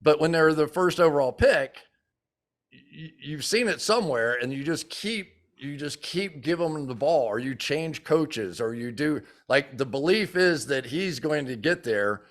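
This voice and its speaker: A man's voice: fairly high pitch, a little slow. A man in his sixties, a former football player turned TV analyst, chatting in an interview and acting out the quotes in his stories. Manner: animated storyteller who acts out quotes. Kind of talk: casual interview chat.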